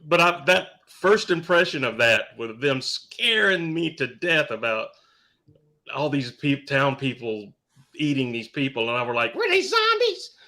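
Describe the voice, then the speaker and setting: Bright-voiced man, halting and joking. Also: medium pitch. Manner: halting, restarts a lot, joking. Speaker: podcast co-host. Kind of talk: casual chat.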